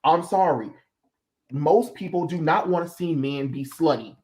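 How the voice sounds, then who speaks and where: Man ranting bluntly, fairly high voice. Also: unhurried, a little mellow. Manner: heated, blunt ranting with profanity. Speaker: stream host. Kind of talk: casual chat.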